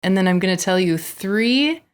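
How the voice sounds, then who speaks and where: A woman's voice: medium pitch, lively intonation, moderate pace, smooth. A woman with a Southern US accent, a podcast guest playfully running a bird-name quiz with frequent giggles. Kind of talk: casual podcast chat.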